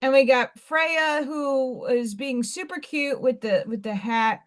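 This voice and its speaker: A woman hosting her own live stream talks in a loose, rambling way, restarting her sentences and dropping blunt asides. Her voice sits fairly high, and she takes her time between phrases. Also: slow pace. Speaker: livestream host. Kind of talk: casual live-stream chat.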